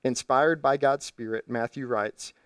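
A male pastor delivers an earnest teaching sermon from the stage. His voice sits at an everyday middle pitch. It is picked up from a little way off the mic, with a dry sound. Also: fairly even intonation, measured pace, clear, resonant tone, dry recording, distant mic. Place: church stage.

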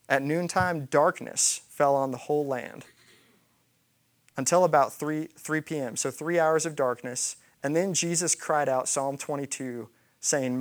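A man's voice: on the high side, normal speed. A man preaching a sermon, retelling a scripture story and acting out the quoted lines. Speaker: pastor.

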